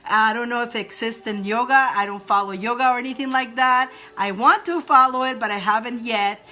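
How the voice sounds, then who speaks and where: A woman's voice: on the high side, brisk, pushed and bright. A woman from Egypt hosting a casual spiritual advice talk, playful and laughing often as she leads viewers in roaring breath exercises.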